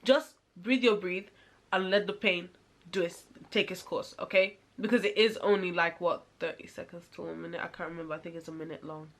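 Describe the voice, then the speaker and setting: A woman's voice: on the low side, fairly even intonation, brisk. A woman chatting casually to camera as a vlogger, rambling and laughing often.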